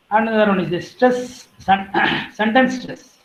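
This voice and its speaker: A woman giving an academic lecture, listing terms one by one and clearing her throat now and then. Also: medium pitch, normal speed, echoey room, dull audio.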